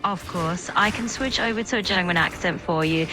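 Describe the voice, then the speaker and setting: A woman's voice: fairly low pitch, moderate pace, music in the background. A text-to-speech woman's voice as an AI assistant, cheerful and agreeable, sometimes slurring its words. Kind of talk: upbeat chatbot replies.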